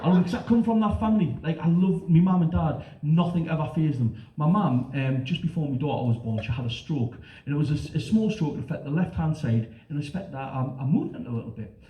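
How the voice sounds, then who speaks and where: A middle-aged man from northern England, with a northern English accent, performs a stand-up set on a comedy club stage, telling brash, sweary stories and putting on lively voices for the people he quotes. His voice is on the high side and he talks fast with hardly any pauses. Recorded from a distance, the live-club audio is roomy, dull and noisy.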